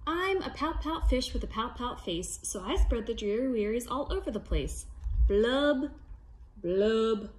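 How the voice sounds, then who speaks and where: A woman voicing a glum, gloomy male fish, chanting in a mopey sing-song with low blubs. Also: expressive, unhurried, darkish tone, a little hiss or hum.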